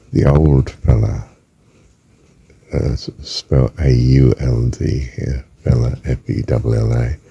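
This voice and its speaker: Halting ex-pastor, a man with a very deep, slow delivery, muffled, dry lo-fi sound. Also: creaky, warm tone, slightly rough, no room sound. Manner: halting, with frequent ums and self-corrections. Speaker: former pastor. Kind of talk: casual talk, reading notes aloud.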